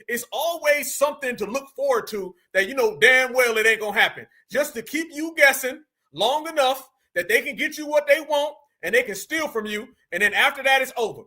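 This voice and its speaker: Brisk and animated throughout, an American show host reacts to clips with loose, slangy talk. His voice is very high, bright, and ringing, and he swears freely while sounding incredulous.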